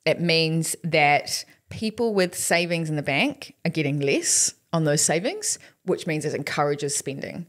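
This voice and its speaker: A woman's voice: deep voice, sing-song, unhurried, hardly any pauses. New Zealand woman explaining economics. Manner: explanatory, acts out quotes. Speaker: podcast co-host. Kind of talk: casual chat.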